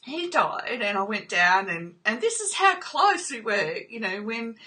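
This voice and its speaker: A woman's voice: a little high, big pitch swings, measured pace, sharp tone. A woman speaking earnestly about trauma recovery, often checking in with "okay?" and growing emotional during personal stories. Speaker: trauma recovery video host. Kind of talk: personal talk to camera.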